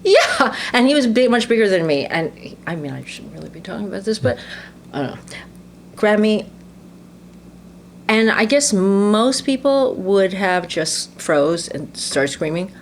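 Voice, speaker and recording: A woman in her sixties from the United States, an actress, tells stories animatedly in a casual interview conversation. Her mid-range voice is unhurried, and she laughs often and acts out what people said, with a noisy background.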